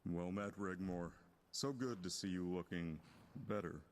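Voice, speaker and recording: A man voicing a courteous, concerned older warrior friend in a fantasy game, speaking in a measured, formal way. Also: deep voice, a little hiss or hum. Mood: warm greeting.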